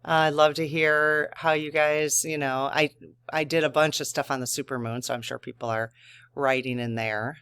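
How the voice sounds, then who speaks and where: Smooth, higher-voiced man chatting gently. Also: flat delivery, moderate pace. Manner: thinking aloud, with frequent restarts and fillers. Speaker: host of a spiritual channel. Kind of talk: casual talk to viewers.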